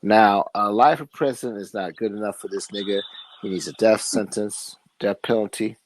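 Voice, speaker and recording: A man hosting a comedy podcast, chatting casually with loud, joking interruptions and plugs for his show. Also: lowish voice, steady tone, moderate pace, a little hiss or hum, low-quality recording. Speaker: podcast host and DJ.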